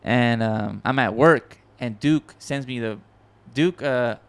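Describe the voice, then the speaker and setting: Male podcast host, smooth clear voice, mid pitch; excitable casual storyteller, lots of restarts. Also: takes it slowly. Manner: excitable, rambling, swears often, many restarts. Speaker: podcast host and music producer.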